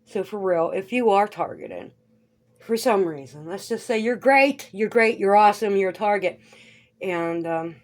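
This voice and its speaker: A woman's voice: medium pitch, expressive, measured pace. A woman giving rambling, conspiratorial commentary over a video as a vlogger. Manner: rambling, conspiratorial, swears casually.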